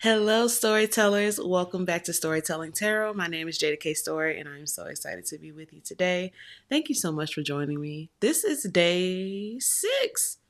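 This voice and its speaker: A woman's voice: fairly low pitch, animated, normal speed. A woman hosting her own tarot channel, talking to her viewers in a heartfelt, affectionate way. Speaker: tarot reader and channel host. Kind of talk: casual direct-to-camera tarot vlog.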